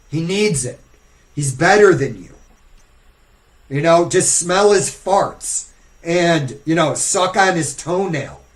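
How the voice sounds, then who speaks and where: High-voiced man ranting bluntly, slowly. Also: fairly bright tone, rough recording. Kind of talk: casual podcast chat.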